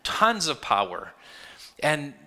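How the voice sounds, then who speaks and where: Guy pastor giving a sermon, animated storyteller, kinda bright tense tone. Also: fairly high pitch, slow pace. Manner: earnest, animated storytelling with quoted voices.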